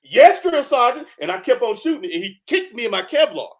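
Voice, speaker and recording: Lively older man telling army stories. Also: high-pitched, quick pace. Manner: lively, animated, acts out the people in his stories; loose and conversational, with restarts. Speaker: guest, retired army first sergeant. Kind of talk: casual storytelling.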